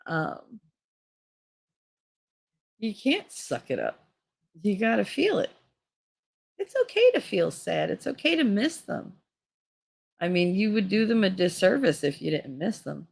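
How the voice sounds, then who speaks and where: A woman's voice: fairly low pitch, sing-song, measured pace, vocal fry, long pauses. A middle-aged woman talking candidly in a casual, rambling monologue, laughing often and swearing freely. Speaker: vlogger.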